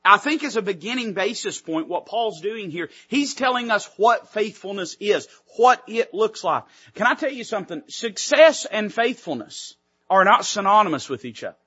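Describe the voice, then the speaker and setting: A man's voice: high voice, expressive, normal speed, sharp tone, breathy edge, muffled recording. A man preaching a sermon to his church, building emphasis with repeated phrases. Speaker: pastor. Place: church sanctuary.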